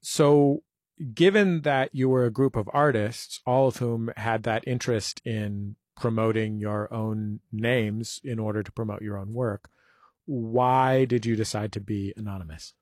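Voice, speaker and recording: A man's voice: fairly low pitch, fairly even intonation, unhurried, darkish tone, no echo, studio quality. Wry man hosting an interview. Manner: wry, joking, long framing questions. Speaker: radio interview host. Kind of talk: conversational interview.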